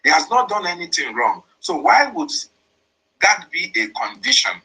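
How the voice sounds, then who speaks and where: A man's voice: high voice, very animated, normal speed, vocal fry, bright, forceful tone, slightly rough, rough recording. A man, explaining and interpreting a played voice message in a repetitive, emphatic way. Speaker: commentator.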